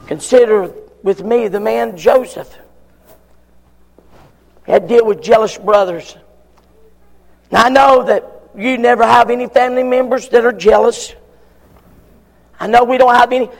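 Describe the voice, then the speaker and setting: A man preaching a folksy sermon that climbs to shouted peaks. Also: extremely high pitch, moderate pace, vocal fry, pauses often, long reverb tail.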